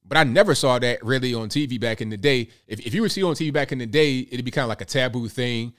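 A man's voice: medium pitch, fast talker, a bit bright. A young man hosting a reaction commentary, talking bluntly and repeating himself in a conversational way. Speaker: commentary host.

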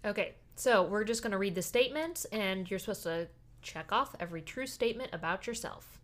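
Brisk, matter-of-fact woman. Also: mid-range voice, expressive, fairly bright tone. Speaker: co-host. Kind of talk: casual chat, reading quiz statements.

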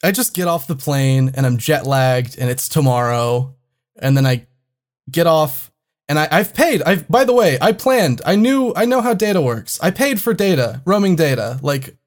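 A man telling a travel story in casual chat, animated and swearing often. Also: fairly high pitch, moderate pace.

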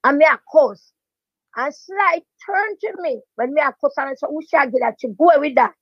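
High-voiced older Jamaican woman storyteller. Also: brisk, dry recording. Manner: animated patois storytelling, emphatic repetition. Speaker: veteran dancehall DJ, guest. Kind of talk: storytelling interview. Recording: dry, dull lo-fi sound.

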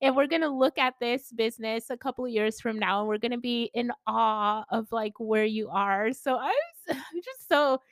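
A high-voiced woman chatting on her own podcast from home, gushing and giggling as she goes. Her talk is loose and effusive, packed with "like" and "you guys." The sound is dry and close, with no room echo. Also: normal speed, a bit bright. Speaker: podcast host. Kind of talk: casual solo podcast chat. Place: at home indoors.

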